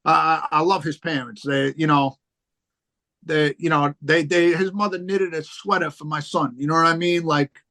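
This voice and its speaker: High-voiced man telling stories. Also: fairly even intonation, normal speed, pushed and bright. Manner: rambling, profane storytelling with many fillers. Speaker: podcast guest, rapper. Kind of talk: casual chat.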